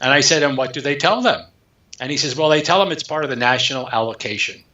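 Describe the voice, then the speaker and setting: Bright-voiced man telling a story. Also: mid-range voice, fast. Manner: animated storyteller acting out dialogue. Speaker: author guest. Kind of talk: storytelling interview. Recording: echoey, dull lo-fi sound.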